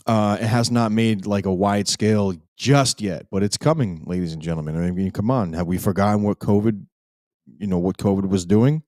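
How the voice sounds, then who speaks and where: A man's voice: fairly low pitch, normal speed, pauses often, darkish tone, no room sound. A man hosting a live podcast, rambling and emphatic, with frequent restarts. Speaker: podcast host.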